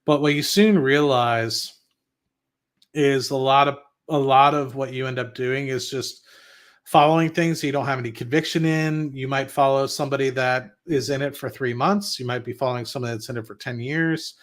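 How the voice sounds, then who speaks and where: A man with a middle-pitched voice talks in a loose, rambling way while hosting an investing stream. He is blunt, swears here and there, and often restarts his sentences as he answers viewer chat. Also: fairly even intonation, moderate pace. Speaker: investing channel host. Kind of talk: casual livestream talk reading viewer chat.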